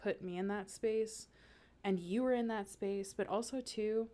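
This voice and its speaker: A woman's voice: medium pitch, measured pace, mellow. A woman in her thirties co-hosting a podcast, talking casually with lots of "like" and laughing often while reassuring her friend. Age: 30s. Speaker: podcast co-host, color guard director. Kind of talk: casual chat.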